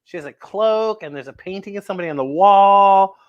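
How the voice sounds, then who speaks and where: A woman reading a picture book aloud to children, animated and exclamatory, asking her young listeners questions. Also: mid-range voice, a little fast, lo-fi sound. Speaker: children's storyteller.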